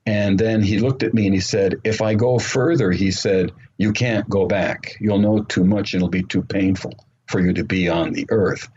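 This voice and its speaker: A man telling his story as an interview guest, earnest and unhurried, with frequent ums and uhs. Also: on the low side, fairly even intonation, a little mellow, slightly rough. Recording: muffled remote call audio with faint noise.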